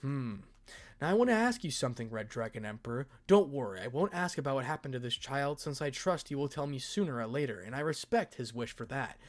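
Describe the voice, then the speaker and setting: Lady Death, a motherly female spirit, soothes softly and teases with gentle curiosity, as a man reads her in his own middle-pitched voice. He does not raise his pitch for her. She sounds like the narrator. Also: lively intonation, a little fast, lightly acted. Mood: teasing. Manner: soft, motherly, teasing. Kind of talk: fan fiction read-aloud.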